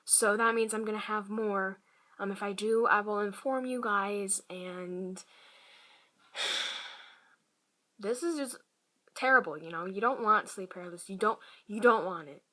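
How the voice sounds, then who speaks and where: A woman vlogger telling a personal story to camera in a halting, hushed way, often dropping to a whisper. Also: mid-range voice. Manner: many fillers and restarts.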